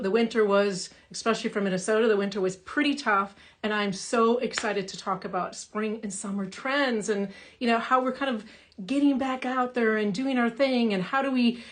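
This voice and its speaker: Chatty upbeat woman makeup artist, bright voice. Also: fairly high pitch. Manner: chatty, upbeat, reads viewer comments aloud, frequent fillers. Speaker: makeup artist hosting a live session. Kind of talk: casual live-stream talk. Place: home in Minnesota.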